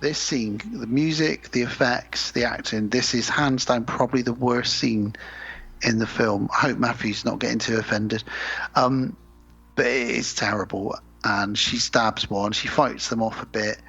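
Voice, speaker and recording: A man's voice: mid-range voice, steady tone, measured pace, vocal fry, pushed and bright, breathy edge. A man co-hosting a podcast, casually retelling a film plot with mocking asides. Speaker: podcast co-host. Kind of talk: casual film recap chat. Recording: dull lo-fi sound.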